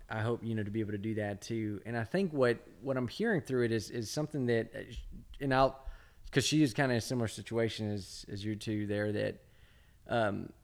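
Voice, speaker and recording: Guy hosting a podcast, mid pitch, thinks out loud, kinda searching for words. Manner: thoughtful, searching for words while asking questions. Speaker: podcast host. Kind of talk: casual conversation.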